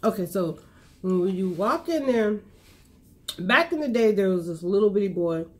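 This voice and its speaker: A woman hosting a mukbang, chatting casually while eating, telling animated stories and humming as she savors each bite. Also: medium pitch, moderate pace. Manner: animated storyteller, lots of savoring hums. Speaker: mukbang host.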